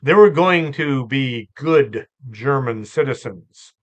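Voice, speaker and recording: A man hosting a storytelling show, relaxed and chatty, with asides and fillers. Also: medium pitch, slow. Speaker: host and storyteller. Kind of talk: conversational storytelling podcast.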